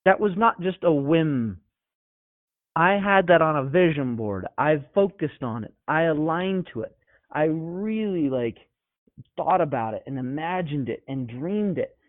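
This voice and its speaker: A man's voice: fairly high pitch, lively intonation, measured pace, no room sound. A man giving an emphatic, conversational motivational coaching talk to his clients, with many rhetorical questions. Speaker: business coach. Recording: tinny phone-like sound.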